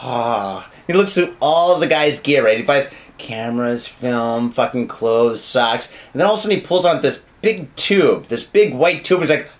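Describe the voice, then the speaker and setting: A man's voice: medium pitch, moderate pace, hardly any pauses. A man co-hosting a comedy podcast, chatting casually, swearing a lot and rambling through jokes. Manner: profane, rambling, acts out bits in silly voices. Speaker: podcast co-host.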